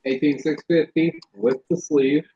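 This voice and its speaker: A man's voice: on the high side, fairly even intonation, a little slow, warm tone, a little hiss or hum. A man hosting a casual chat about vaping gear, blunt and swearing freely, on a dull lo-fi recording. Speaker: vaping show host.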